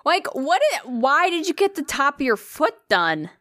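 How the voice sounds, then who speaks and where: A woman's voice: sits high, big pitch swings, moderate pace, fairly bright tone, slight background noise. A woman co-hosting a podcast in casual chat, teasing and reacting with disbelief. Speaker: podcast co-host.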